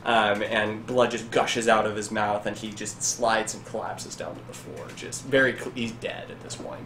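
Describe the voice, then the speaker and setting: A man's voice: on the low side, fairly even intonation, moderate pace, a bit bright, soft background music. A man running a tabletop game as game master, narrating with loose, vivid storytelling. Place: indoors at a LAN party. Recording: echoey noisy room.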